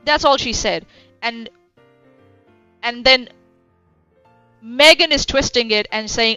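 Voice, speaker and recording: A woman's voice: fairly high pitch, slow, pauses often, pushed and bright, smooth, dry recording. A woman streaming casual reaction commentary, blunt and sarcastic, swearing freely. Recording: dull lo-fi stream audio with faint music.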